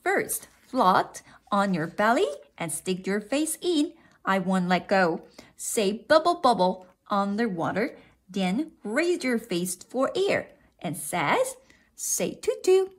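A woman's voice: medium pitch, big pitch swings, slow pace. A woman voicing a patient mother frog who coaxes and encourages her child in a storybook. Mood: coaxing. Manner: coaxing and encouraging.

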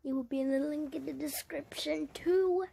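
A woman's voice: high voice, moderate pace, vocal fry, warm tone. A woman giving casual let's-play commentary, narrating her own moves and chatting to her viewers. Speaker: gaming channel creator.

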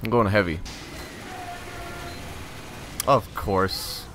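A man giving live gameplay commentary, frustrated and ranting, sometimes breaking into loud shouts. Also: on the low side, drawn-out words, noisy background. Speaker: gamer recording gameplay commentary.

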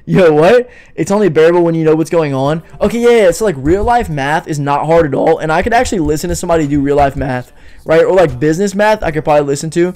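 A man's voice: fairly high pitch, expressive, fast, a little mellow. A young man hosting a casual livestream, joking and rambling while answering his chat and saying "bro" a lot. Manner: joking, rambling, reads and answers chat, says "bro" and "you know what I mean". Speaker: livestream podcast host.

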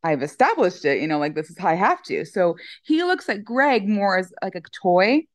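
A woman's voice: mid-range voice, normal speed, no echo. Chatty middle-aged woman rambling about her dogs, dry close sound. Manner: chatty, animated storytelling with many fillers. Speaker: dog owner guest. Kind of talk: casual interview chat.

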